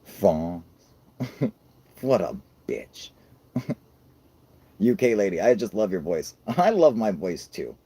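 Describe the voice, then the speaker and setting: A man's voice: fairly low pitch, very animated, slow pace, long pauses, dark tone, slightly rough, dry recording. An American man with a scratchy voice hosting a livestream, joking around with heavy swearing and frequent laughter. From United States. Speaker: livestream host reading chat. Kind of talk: casual profane banter.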